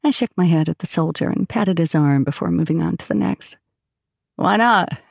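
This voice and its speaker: A woman narrating an audiobook in first person, expressive and storytelling. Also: low-pitched, brisk, gravelly, breathy edge, dry recording, dull audio.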